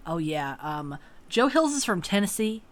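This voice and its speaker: A woman's voice: medium pitch, big pitch swings, normal speed, a loud crowd. A woman narrating a tabletop game as game master, casual and swearing freely.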